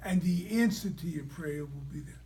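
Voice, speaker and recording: Mellow-voiced rabbi telling a story. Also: male voice, fairly high pitch, normal speed. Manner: animated storyteller, checks in with the audience. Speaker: rabbi teaching a class. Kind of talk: storytelling lecture.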